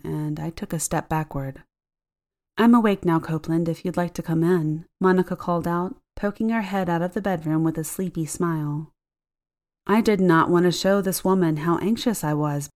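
A woman narrating a first-person horror story in a measured, tense storytelling manner. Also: lowish voice, darkish tone.

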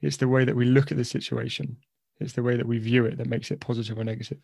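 A man's voice: mid-range voice, fast, vocal fry, slightly rough, no room sound. Guy telling a story on a podcast, does the voices, super dry close mic. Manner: animated, acts out voices in his story. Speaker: podcast guest. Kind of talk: conversational storytelling.

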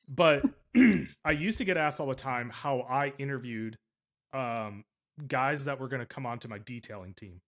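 A man's voice: medium pitch, a little slow, fairly bright tone. Rambling, emphatic male podcast host. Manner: rambling and emphatic, with frequent self-corrections. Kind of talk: casual interview chat.

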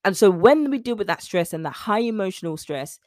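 A woman's voice: mid-range voice, lively intonation, brisk, darkish tone, dry recording, studio quality. A woman talking as a nutrition and mindset coach, in a chatty, preachy motivational way with church-style call-outs. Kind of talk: motivational talk to camera.

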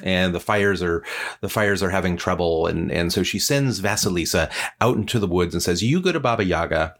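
Man, casual folk tale storyteller, conversational, wry, low voice. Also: normal speed. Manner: conversational, many fillers, wry asides.

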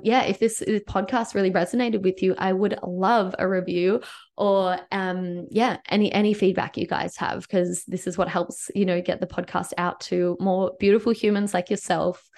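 A woman's voice: mid-range voice, a little mellow. A woman hosting a solo business podcast, talking casually and encouragingly, with lots of "like" fillers. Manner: chatty, uses "like" often, upbeat and encouraging. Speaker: podcast host and business coach.

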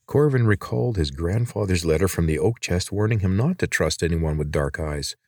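A man narrating a story aloud in measured storytelling style. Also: sits low, animated, a little mellow, no room sound, clean studio sound. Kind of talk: scripted audiobook narration.

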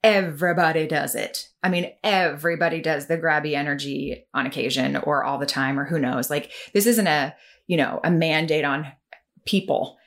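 A woman's voice: sits low, steady tone, normal speed. A woman hosting a conversation, speaking with enthusiasm and strong emphasis, often restarting her sentences. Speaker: host. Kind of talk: casual podcast chat.

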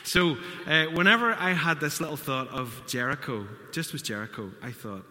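A man's voice: on the high side, moderate pace, bright, forceful tone. A man preaching a sermon, telling a story and acting out the quotes. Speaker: pastor. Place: church hall. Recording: church hall reverb.

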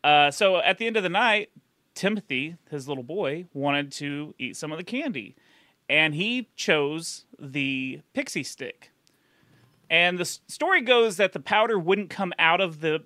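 Man, podcast co-host, casual storytelling, laughs a lot, bright voice, dry sound. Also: a little high, lively intonation, moderate pace, no room sound. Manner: laughs often while telling a story.

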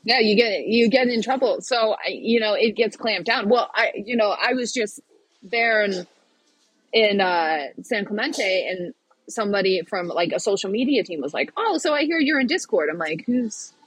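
A woman's voice: medium pitch, moderate pace, fairly bright tone, breathy edge, no echo, rough recording. A woman guest on a podcast, chatting casually and animatedly, often laughing. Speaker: podcast guest, pickleball player. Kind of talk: casual chat.

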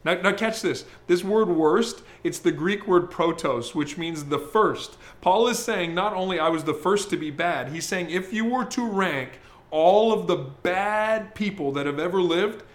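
A pastor preaching a sermon, talking to the congregation in a conversational, emphatic way. His voice sits fairly high for a man. He slows down when he reads scripture. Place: church service, streamed.

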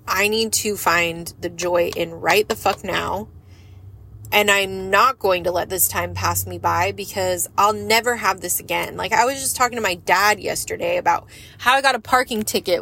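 A woman who owns a lash business and vlogs gives a candid, earnest monologue, frank and rambling, with casual swearing and an emotional tone. Her voice is medium-pitched, bright and forceful.

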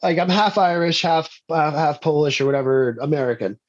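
Guy filmmaker chatting in an interview, kinda high voice, laughs a lot, muffled lo-fi sound. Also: brisk. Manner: rambling, animated, laughs often. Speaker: indie filmmaker guest. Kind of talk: casual interview storytelling.

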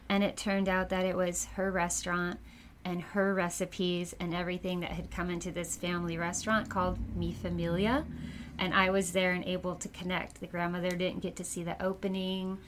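A woman speaking as a psychic medium in a casual interview, telling her stories in a chatty, animated way and laughing often. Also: fairly low pitch, brisk, a little hiss or hum.

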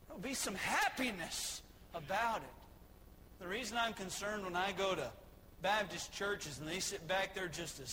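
A man preaching a sermon, building to shouted emphasis with repeated rhetorical questions, over faint room ambience. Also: high-pitched, long reverb tail, slight background noise, low-quality recording. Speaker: pastor.

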